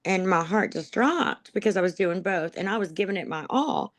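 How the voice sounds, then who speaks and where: A woman's voice: on the low side, expressive, normal speed, no room sound. A woman being interviewed, telling her own life story in a rambling, emotional way with many ums and laughs at herself. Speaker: interviewee, dog program graduate. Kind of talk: personal testimony, conversational storytelling.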